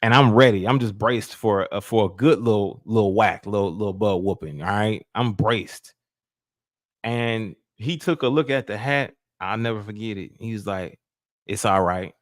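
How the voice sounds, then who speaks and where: A man, casually telling a personal story on a podcast in a lively, colloquial way. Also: fairly low pitch, moderate pace, dry recording, clean studio sound. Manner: animated, colloquial, acts out voices in quotes. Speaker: podcast host.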